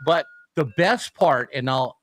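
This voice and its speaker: A man co-hosting a casual sports podcast, telling an animated story and swearing freely. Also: on the high side, measured pace, faint music behind. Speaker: podcast co-host.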